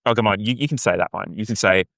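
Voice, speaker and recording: A man's voice: fast, creaky, dry recording, clean studio sound. An Australian man co-hosting a podcast, chatting enthusiastically about a singing competition, his voice leaping up on questions. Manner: enthusiastic, animated, jumps to high pitch on questions. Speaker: podcast co-host. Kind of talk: casual chat reviewing a singing competition.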